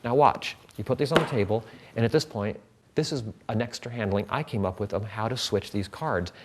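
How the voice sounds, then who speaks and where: A man's voice: fairly low pitch, brisk. A man teaching a card trick in a casual tutorial, chatting as he handles the cards.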